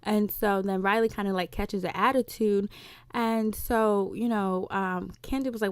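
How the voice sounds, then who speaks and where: Woman, casual recap vlogger, mid-pitched, rambling and filler-heavy, dry close recording. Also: steady tone, clear, resonant tone, no echo. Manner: rambling, filler-heavy with frequent "you know" and "so anyways"; acts out characters' lines in quick voices.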